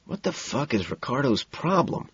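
A man's voice: mid-range voice, sing-song, normal speed, breathy edge, no echo, highs cut off, pitched above the performer's own voice, exaggerated voice. A man voicing a volatile young finance guy. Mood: incredulous. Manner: swings from hushed whispers to roaring. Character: hot-tempered young male finance man, jittery.

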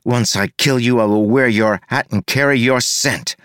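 A man's voice: mid-range voice, moderate pace, a bit bright, clean tone, dry recording, clean studio sound, lightly acted. A man voicing a smug female villain who taunts and mocks her rival. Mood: gloating. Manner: mocking, taunting. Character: gloating female villain clone, cold and smug.

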